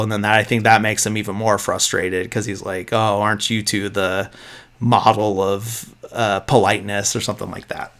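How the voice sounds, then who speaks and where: Man, podcast host, fairly low voice, loose rambling recap, lots of "like" and "uh". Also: creaky. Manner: rambling, filler-heavy, quoting characters in a flat voice. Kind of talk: casual film recap.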